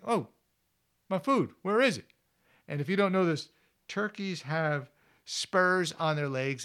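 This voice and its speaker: A man's voice: on the high side, a bit bright, clear, resonant tone. A man who hosts an outdoor show, telling wildlife anecdotes in a casual, rambling way with plenty of fillers. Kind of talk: anecdotal storytelling.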